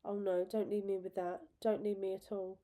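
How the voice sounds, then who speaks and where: A woman's voice: mid-range voice, little pitch movement, normal speed, dark tone, lightly acted. A woman reading a desperate young man in love. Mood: grieving. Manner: pleading, urgent, emotional.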